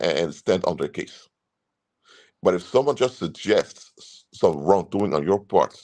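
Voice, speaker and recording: A man's voice: sits low, darkish tone. A man speaking as a consultant, giving earnest, emphatic advice and repeating his key points. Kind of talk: advice talk to camera.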